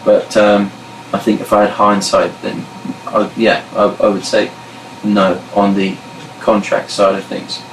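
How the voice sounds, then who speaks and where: A man's voice: on the low side, flat delivery, a little slow, hardly any pauses. A man in a band answering fan questions casually, hesitant and thinking aloud. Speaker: band member. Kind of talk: casual live Q&A chat. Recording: echoey room, distant mic, faint noise.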